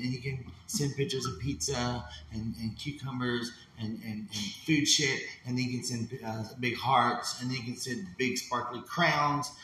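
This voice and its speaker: Dude ranting hard and cussing nonstop, bright pushy voice, super echoey room with a bit of hiss. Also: male voice, medium pitch. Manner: heated, swearing, acts out voices. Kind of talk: profane casual rant. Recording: very echoey room with faint noise.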